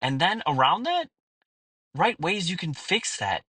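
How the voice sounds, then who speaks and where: A man in his thirties talks straight into the mic in a frank, swearing-heavy monologue, sincere and direct. His voice is bright and forward, and the recording is dry and close, with no room sound. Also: high-pitched, very animated, unhurried, husky, no room sound, low-quality recording. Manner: blunt, profane and earnest, with frequent fillers. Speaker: podcast host. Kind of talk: candid personal monologue.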